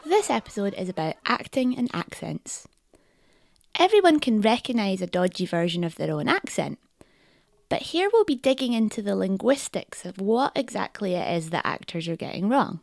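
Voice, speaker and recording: A woman's voice: mid-range voice, big pitch swings, moderate pace, creaky, darkish tone, dry recording. A Scottish woman narrates a podcast in a wry, articulate voice that rises and falls freely. The sound is close and dry, with no room around her. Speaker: podcast host. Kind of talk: scripted narration.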